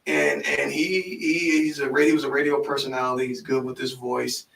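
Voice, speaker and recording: A gravelly-voiced man hosts a casual talk show, animated and quick to affirm his guest. He sits back from the mic, and the room rings around him. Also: mid-range voice. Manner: animated, frequent affirming "mm-hmm", restarts when excited. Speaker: podcast host and life coach. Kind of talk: casual interview chat. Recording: echoey room, mic at a distance.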